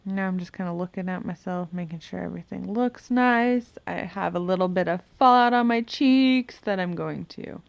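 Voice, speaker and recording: Chatty woman with a gravelly low voice. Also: normal speed, hardly any pauses, no room sound. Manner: chatty, talks to herself while working, hums and mutters. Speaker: beauty vlogger. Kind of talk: casual makeup tutorial chat. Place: home bedroom.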